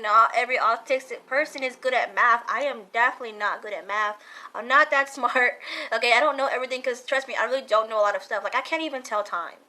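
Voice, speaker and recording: Young woman vlogger, earnest q&a chat, kinda high bright voice, stops and repeats herself a lot. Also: low-quality recording. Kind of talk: casual Q&A talk to camera.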